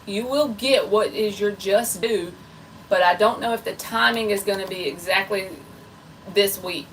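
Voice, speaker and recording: A woman's voice: mid-range voice, fairly bright tone, distant mic, a little hiss or hum, low-quality recording. A woman giving a live tarot reading in a chatty, playful way. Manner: chatty and playful, self-described goofy. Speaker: tarot reader.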